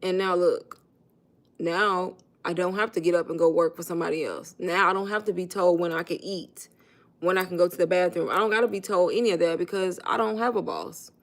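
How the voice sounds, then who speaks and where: A woman's voice: lowish voice, fairly even intonation, a little fast. Woman, casual livestream, phone mic, chatty, informal, talks to her viewers. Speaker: online business coach.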